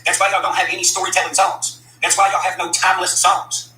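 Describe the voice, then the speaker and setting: Combative man, profane rant straight to camera; quick, tense, slightly high voice in a roomy space. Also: level tone, pushed and bright, a little hiss or hum. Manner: blunt, cursing, combative. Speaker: country rapper addressing critics.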